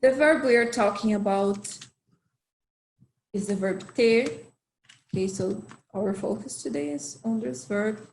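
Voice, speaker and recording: A woman teaching an online language lesson, explaining slowly and patiently with lots of repetition. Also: mid-range voice, a little mellow, a little hiss or hum. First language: Portuguese. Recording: echoey room.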